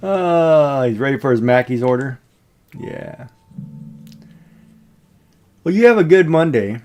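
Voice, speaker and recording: A man's voice: a little high, expressive, slow pace, long pauses, a little mellow, faint music behind. A man hosting a livestream, chatting casually and jokingly with viewers. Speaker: livestream host.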